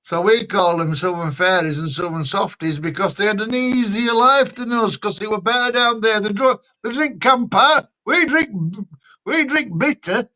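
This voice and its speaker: A man with a Yorkshire accent chatting casually on a live stream, blunt and quick to laugh as he explains things at length. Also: high voice, pushed and bright, poor audio. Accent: Yorkshire English. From Yorkshire, England. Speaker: streamer, truck driver.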